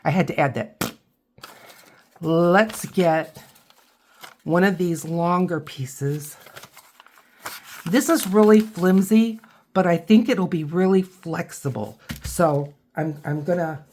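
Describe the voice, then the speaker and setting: Unhurried low-voiced older woman. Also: darkish tone, a little hiss or hum. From Ohio and Michigan, USA. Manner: chatty, rambling, self-correcting. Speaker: craft channel host. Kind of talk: casual craft tutorial chat.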